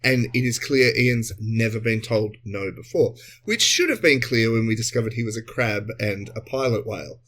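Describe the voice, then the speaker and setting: A man's voice: on the low side, moderate pace, hardly any pauses, a bit bright. A man co-hosting a comedy podcast, chatty and explaining at length with tangents. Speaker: co-host. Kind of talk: casual comedy podcast recap.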